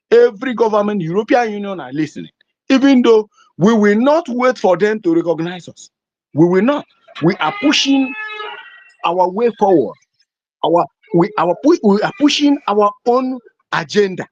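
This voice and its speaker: A woman with a Nigerian accent delivers impassioned political commentary, her pitch leaping up and down as she presses each point. She speaks emphatically and sometimes climbs to a shout. The audio is dull and lo-fi. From southeastern Nigeria. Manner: fiery, emphatic, rises to shouting. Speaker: host.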